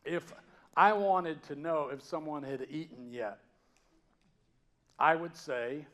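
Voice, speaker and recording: A man from the Georgia mountains, raised with a Southern accent, preaching a sermon in a conversational, storytelling way that swings from loud to hushed. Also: on the high side, slow. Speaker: pastor.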